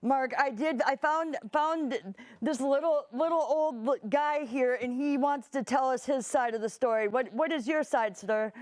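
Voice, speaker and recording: A woman's voice: high-pitched, no echo. A woman playing a polite, hesitant TV field reporter in an improv comedy scene, full of fillers. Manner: halting, filler-heavy questions.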